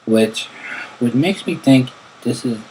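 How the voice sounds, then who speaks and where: A man's voice: medium pitch, animated, slow, a little mellow, slight background noise, poor audio. A man reading a fan interview aloud, stumbling and repeating words as he goes. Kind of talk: halting read-aloud narration.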